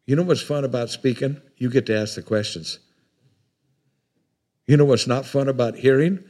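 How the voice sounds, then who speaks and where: A man's voice: medium pitch, moderate pace, darkish tone. An older man with a drawl delivers a sermon. His talk is homespun and rambling. He often repeats words as he works his way toward a point. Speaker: preacher.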